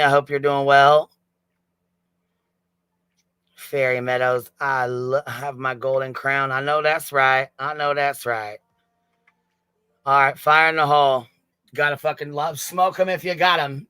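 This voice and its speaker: A man's voice: a little high, bright, forceful tone, smooth, no room sound. A man hosting a casual livestream, swearing freely, giggling and thanking chat members. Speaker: livestream host.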